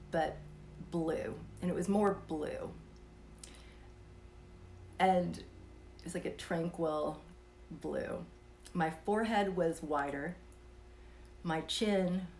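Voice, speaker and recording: A woman telling a personal story in a casual, soft-spoken way, sometimes dropping to a whisper and chuckling between thoughts. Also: lowish voice, slight background noise. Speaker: vlogger telling a personal experience.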